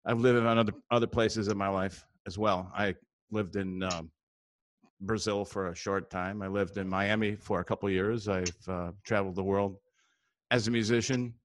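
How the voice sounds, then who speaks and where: Man, low voice, dry sound, rambling, joking, interview guest. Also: steady tone, normal speed, dry recording. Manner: rambling, joking, many fillers. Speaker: guest comedian. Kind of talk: casual interview chat.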